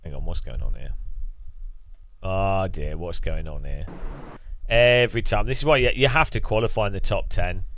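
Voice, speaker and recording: A man's voice: deep voice, moderate pace, creaky, pauses often, fairly bright tone, slight background noise. A man with a Midlands English accent, streaming live and commenting on a racing game in a chatty, joking way, often exclaiming.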